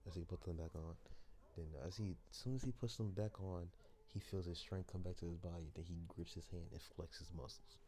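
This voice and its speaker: Low-voiced man rambling through a fan story. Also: steady tone, brisk, warm tone, slight background noise. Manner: rambling, hesitant, with many restarts. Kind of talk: improvised fan story narration.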